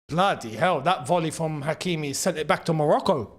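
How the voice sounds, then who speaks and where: A man hosting a live football watchalong, excitable and quick to shout and laugh. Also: fairly high pitch. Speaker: football channel host.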